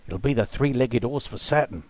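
A man voicing a frightened male church sexton who talks in a nervous hush. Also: medium pitch, a little fast, dry recording, pitched above the performer's own voice, close to an everyday voice. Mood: fearful. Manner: nervous, hushed.

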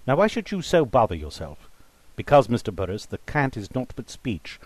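A man voicing a suspicious, educated gentleman who speaks formally and precisely. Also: on the low side. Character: educated, sharp-witted gentleman, male, suspicious.

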